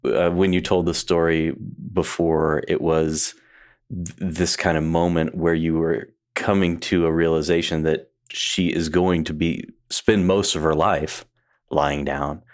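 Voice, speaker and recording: A man hosting a podcast interview, asking gentle, probing questions and giving soft agreeing murmurs. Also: rumbling low, level tone, measured pace. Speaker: podcast host. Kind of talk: interview conversation.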